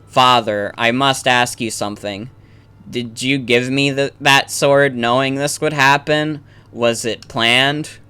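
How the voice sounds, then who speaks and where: A man's voice: medium pitch, steady tone, takes it slowly, bright, forceful tone, clean tone. A man voicing an earnest young male prince in his own voice, reading game dialogue aloud. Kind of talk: game dialogue read-along.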